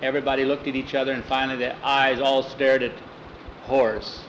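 A man telling a story aloud, lively and doing voices for each character. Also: medium pitch, brisk, slight background noise, low-quality recording. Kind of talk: oral storytelling.

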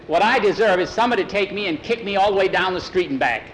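A man voicing an earnest young cowboy, a little higher and quicker than his own telling voice. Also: lively intonation, a bit bright, slight background noise, low-quality recording. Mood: contrite.

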